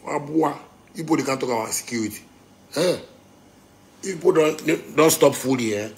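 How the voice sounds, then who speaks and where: Man, Ghanaian Pidgin English accent, angry rant, gravelly, slightly high voice, heated outbursts and low mutters. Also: moderate pace. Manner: heated, swinging between shouting and muttering.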